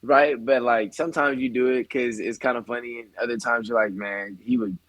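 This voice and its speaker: A man's voice: mid-range voice, a little fast, fairly bright tone, dry recording, poor audio. A young adult man, a baseball player guest, telling stories in a laid-back way full of slang on a casual podcast.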